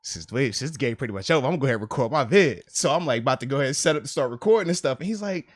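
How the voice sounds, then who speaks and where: A man with a lively, swooping voice tells a family story in loose, casual podcast talk. He laughs often as he goes. The recording is dry and close to the mic. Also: mid-range voice, very fast, dry recording. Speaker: podcast host, former player.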